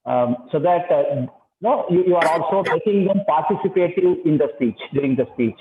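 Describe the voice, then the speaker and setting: A man, a workshop participant, asking politely worded, halting questions. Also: a little high, animated, noisy background. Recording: tinny, echoey call line.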